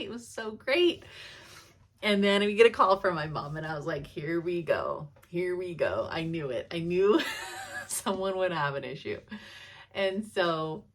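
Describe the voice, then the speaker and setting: A woman in her thirties chatting casually to her viewers as a cross-stitch vlogger, laughing often as she tells stories. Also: fairly low pitch. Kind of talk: casual chat.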